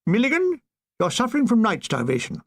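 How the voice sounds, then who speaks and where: A brisk, officious army medical officer who barks prescriptions in a high, pushed voice, as a man puts him on. He sounds pompous and certain. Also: huge pitch swings, creaky, fairly bright tone, exaggerated voice.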